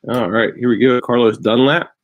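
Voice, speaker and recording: A man hosting a sports card break, calmly reading out player names as he opens packs. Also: mid-range voice, background noise. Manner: unhurried, reads out player names with bursts of excitement. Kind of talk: casual card-opening commentary.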